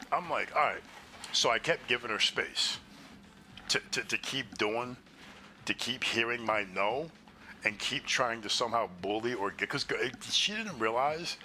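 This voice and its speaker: A man's voice: on the low side, pushed and bright, slight background noise. A man casually telling a story on a stream, profane and exasperated, acting out both sides of the conversation. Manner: profane, exasperated retelling with quoted dialogue.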